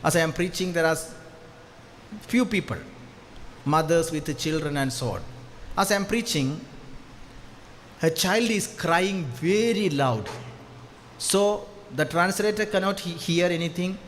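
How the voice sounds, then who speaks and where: High-voiced priest preaching emphatically. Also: male voice, a little slow, pauses often, a little hiss or hum. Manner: emphatic, repeats key phrases, swings from hushed to loud; leads call-and-response with the congregation. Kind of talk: storytelling sermon.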